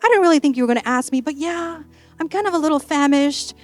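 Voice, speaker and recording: A woman's voice: high voice, quick pace, dry recording, faint music behind, natural voice. A woman playing a defensive Eve. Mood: hesitant. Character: hurt, defensive young wife Eve.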